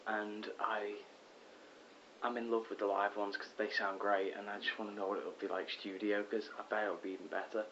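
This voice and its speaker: A teenage boy vlogging from his bedroom, rambling excitedly with lots of ums and self-corrections. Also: lowish voice, a little fast. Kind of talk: casual rambling vlog. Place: bedroom at home. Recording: dull lo-fi with faint hiss.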